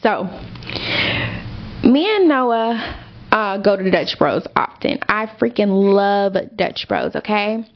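A woman's voice: mid-range voice, slow, lo-fi sound. A young woman hosting a podcast, telling a story casually with lots of fillers and swearing. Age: young adult. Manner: animated, swearing, rambling with fillers. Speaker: podcast host.

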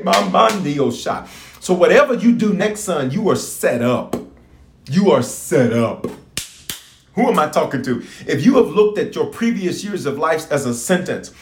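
A man preaching a fired-up sermon, his voice climbing and dropping dramatically as he repeats his lines. He sits a little above the usual male range, and his voice rings around a roomy, echoing space. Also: fairly high pitch. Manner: emphatic, repetitive, call-and-response exhortation. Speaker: pastor. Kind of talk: fiery livestream prayer sermon. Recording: roomy echo.

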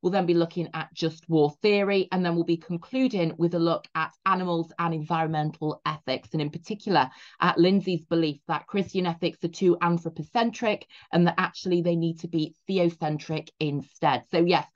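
A woman teaching a revision lecture in a chatty way, full of "you know" asides, slowing down to stress key points. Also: on the low side, fairly even intonation, muffled recording.

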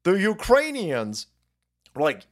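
A man hosting a rambling political stream, loud, mocking and foul-mouthed, laughing often between lines. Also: high voice, huge pitch swings, slow. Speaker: streamer host.

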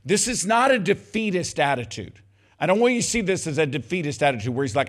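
A man's voice: on the high side, very animated, fast talker. Emphatic older man preaching. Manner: emphatic, conversational preaching, addressing congregation as y'all. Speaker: pastor. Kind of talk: sermon.

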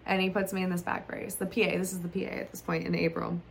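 A woman's voice: lowish voice, little pitch movement, fast talker, gravelly, a little hiss or hum. A young adult woman hosting her own podcast, telling her story in a candid, blunt way and swearing freely. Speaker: podcast host. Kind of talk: casual personal storytelling.

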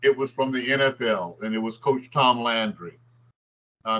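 A man's voice: medium pitch, moderate pace. An older man, a former basketball player, telling stories in an interview and acting out the quotes. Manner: animated storyteller, acts out quotes. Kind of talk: storytelling interview. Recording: dull lo-fi sound.

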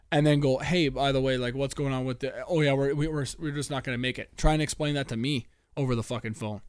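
A young man hosts a solo podcast, venting loudly with constant profanity and stammering restarts. His voice sits in an ordinary middle range. The recording is close and completely dry, with no room sound. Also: mid-range voice, no room sound. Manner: profane, animated ranting with frequent stammered restarts. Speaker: podcast host.

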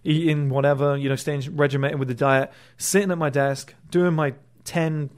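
Man, motivational monologue, blunt, sarcastic, slightly high voice. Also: flat delivery, normal speed. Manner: blunt, sarcastic, mocks excuses in put-on voices. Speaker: motivational video host.

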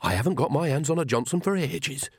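A man voicing a brisk, nosy old country witch in a raised, chatty voice. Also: fairly high pitch, animated, breathy edge, no echo, clean studio sound, pitched above the performer's own voice. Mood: curious. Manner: bright, chatty, cheeky.

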